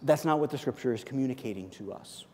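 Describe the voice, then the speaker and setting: Conversational pastor preaching in a reverberant hall. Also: male voice, mid-range voice, fast. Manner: conversational, repeats "okay?", animated asides. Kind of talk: sermon.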